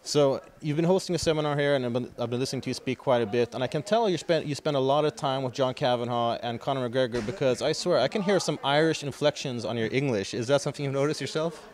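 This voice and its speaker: A man's voice: mid-range voice, quick pace, few pauses. Guy interviewer, mid voice, chatty, long rambling questions, in a gym. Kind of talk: casual sports interview. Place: sports gym.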